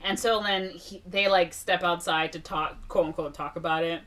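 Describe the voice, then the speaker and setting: A young woman on a podcast, animatedly retelling a film and slipping into quick impressions of its characters. Her voice is bright and a touch forceful, and she sits a little back from the mic. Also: lowish voice, far from the mic. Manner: animated retelling, acting out characters' lines with laughs and fillers. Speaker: podcast co-host. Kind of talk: casual movie recap chat.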